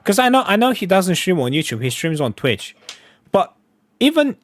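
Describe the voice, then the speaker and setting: A man's voice: high voice, sing-song, normal speed, dry recording, studio quality. A man hosting casual reaction commentary, blunt and profane, talking with open disbelief. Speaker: reaction channel host.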